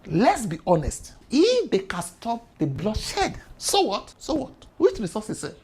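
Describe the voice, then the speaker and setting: A woman's voice: on the high side, wildly swooping pitch, a little slow, darkish tone, a little hiss or hum. A Nigerian woman giving impassioned political commentary, full of rhetorical questions and pidgin asides.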